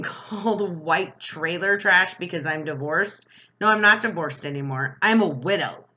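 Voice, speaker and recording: A woman's voice: low-pitched, bright, forceful tone. Angry, defiant woman ranting to camera. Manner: angry, defiant, fast-talking. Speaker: vlogger. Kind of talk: emotional personal rant to camera.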